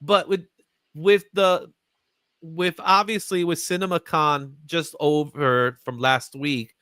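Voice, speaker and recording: A man's voice: fairly high pitch, fairly even intonation, takes it slowly, fairly bright tone, clear, resonant tone, no room sound. A man hosting a comics market show, chatting casually and laughing often. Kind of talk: casual chat.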